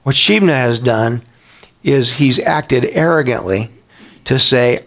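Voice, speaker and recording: A man's voice: mid-range voice, slow pace, a bit bright. A man preaching a sermon as a pastor, talking conversationally, often asking his congregation questions and restarting his words.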